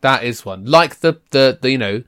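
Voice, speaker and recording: A man in casual banter with friends, animated and jokey, with sudden bursts of excitement. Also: mid-range voice, normal speed, smooth. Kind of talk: casual chat.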